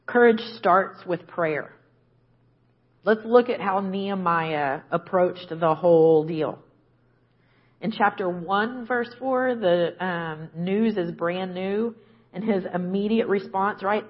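A woman's voice: fairly low pitch, slow pace, muffled recording. A woman preaching a conversational sermon, often checking in with "right?". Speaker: guest preacher.

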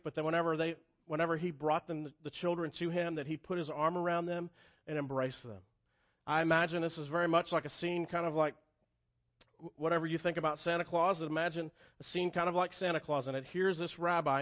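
A man in his thirties preaching a sermon as pastor, telling the story earnestly and dropping soft and quiet for tender moments. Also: a little high, highs cut off. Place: church sanctuary.

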